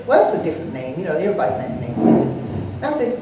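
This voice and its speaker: An older woman speaking on an anniversary panel, an animated storyteller who acts out the dialogue in her anecdotes. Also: medium pitch, quick pace. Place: large echoey hall, live event. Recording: echoey hall, distant mic, faint noise.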